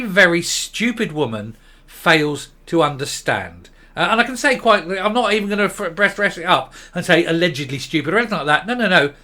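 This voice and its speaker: A man's voice: a little high, bright, forceful tone. A man ranting in an opinionated commentary monologue, scornful and emphatic. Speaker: political commentary host.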